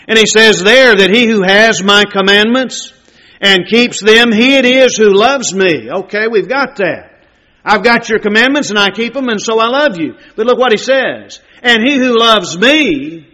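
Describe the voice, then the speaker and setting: Male preacher, high bright voice, plain-spoken, shifts between loud emphasis and soft hush. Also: in a large hall. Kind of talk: sermon.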